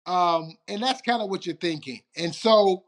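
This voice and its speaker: A man's voice: sits high, moderate pace. A man from Detroit, a retired football player, telling stories as an interview guest, acting out the quoted lines and laughing often. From Detroit, USA. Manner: animated storyteller, acts out quotes, laughs often. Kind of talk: storytelling interview.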